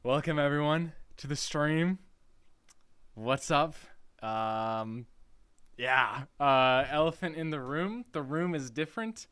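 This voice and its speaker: A man's voice: on the high side, slow, fairly bright tone, clear, resonant tone, no echo. Young man streaming from his dorm. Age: young adult. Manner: chatty and scattered, laughing and reading chat aloud. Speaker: livestreamer. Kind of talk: casual live-stream chat. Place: his college dorm room.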